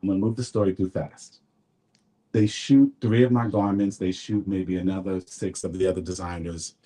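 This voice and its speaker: A man with a low, warm voice speaks at a normal speed in a flat delivery. He is a fashion designer sharing his story on a radio talk show, earnest and faith-filled. The studio mic captures him cleanly.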